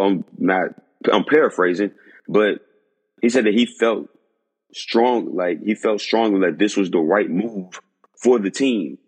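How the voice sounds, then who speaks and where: A man hosting a sports podcast, ranting in disbelief with emphatic repetition and a husky voice. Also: fairly low pitch, in a large hall. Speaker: podcast host.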